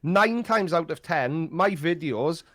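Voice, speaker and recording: A man's voice: fairly high pitch, lively intonation, slow pace, fairly bright tone, no room sound, studio quality. A man with a Welsh accent chatting as a podcast guest, self-deprecating and stumbling over restarts. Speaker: guest YouTuber. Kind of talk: casual podcast chat.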